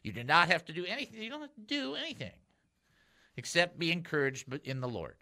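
A man hosting a call-in Christian radio show, chatty and animated, laughing easily as he jumps between topics. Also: on the high side, fast.

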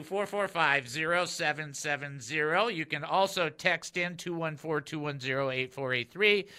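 A man hosting a call-in Christian radio show, chatty and animated, laughing easily as he jumps between topics. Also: fairly high pitch.

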